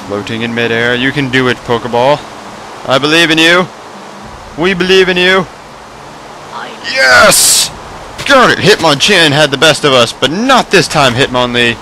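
A young man commentating a Minecraft Pokemon mod let's play, excitable, swearing and shouting at the game. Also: mid-range voice, fairly quick, slight background noise, poor audio. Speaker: gaming YouTuber.

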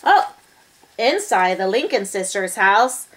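A woman with a slightly high voice reads a children's story aloud at an unhurried pace. She is warm and expressive, speaking to her young listeners as if they were her friends.

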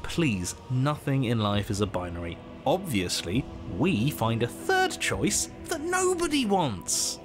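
A man's voice: mid-range voice, wildly swooping pitch, slow. A man voicing the stern, exasperated narrator of a horror game, speaking dryly and with command. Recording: game audio with loud music behind.

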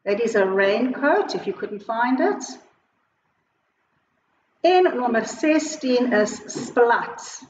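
A South African woman teacher giving a slow, clear lesson, switching between Afrikaans and English as she explains words and a short poem. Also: a little high, lively intonation, slight background noise. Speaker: primary school teacher. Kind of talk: recorded online Afrikaans lesson. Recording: echoey, muffled home video recording.

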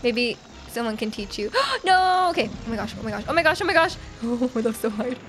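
Young woman streamer, high voice, giggly and hyper, bit of game music low in the back. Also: brisk. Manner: giggly and excitable, reacting loudly to gameplay; reads chat aloud and teases viewers. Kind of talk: casual live game stream, chatting with viewers. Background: faint game music.

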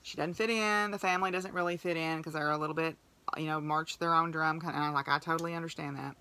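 A woman's voice: low-pitched, fairly even intonation, quick pace, sharp tone. A woman hosting a podcast, telling a story in a chatty, emotional way and acting out what people said. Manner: chatty, emotional, acts out quoted dialogue. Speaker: podcast host. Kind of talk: casual storytelling monologue.

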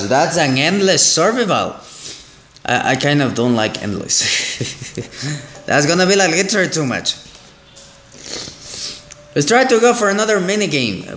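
A man giving excitable let's play commentary as a gaming channel host, exclaiming and repeating himself. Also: on the high side, a little hiss or hum. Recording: roomy echo.

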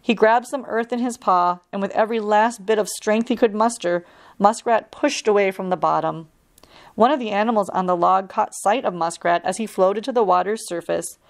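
A woman, a park ranger, reading a storybook aloud for children in a calm, steady and clear way. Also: mid-range voice, moderate pace.

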